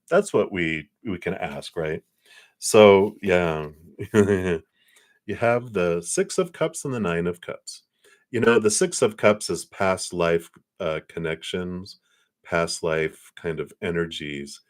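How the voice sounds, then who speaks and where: A man giving a live tarot reading in a gentle, reassuring, meandering way, with many fillers. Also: low voice, lively intonation, unhurried. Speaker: psychic tarot reader.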